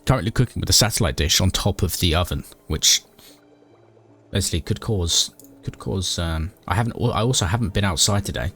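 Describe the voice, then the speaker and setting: Dry mock-dramatic gaming narrator. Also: male voice, low-pitched, lively intonation, moderate pace, a bit bright, soft background music. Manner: dry, mock-dramatic, talks to his character. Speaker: gaming YouTuber narrating a playthrough. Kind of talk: comedic game commentary and narration.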